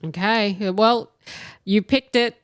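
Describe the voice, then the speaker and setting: A young Australian woman co-hosting a podcast in casual chat, bantering and quick to laugh. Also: mid-range voice, fairly even intonation, smooth, no room sound, clean studio sound. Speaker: podcast co-host.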